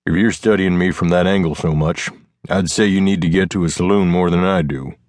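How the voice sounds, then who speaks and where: Brief: male narrator as a hulking Appalachian-accented outlaw, dull grunting low baritone, terse and blunt, dry close sound. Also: brisk, darkish tone, dry recording, natural voice. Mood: gruff. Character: gruff burly male backwoods outlaw.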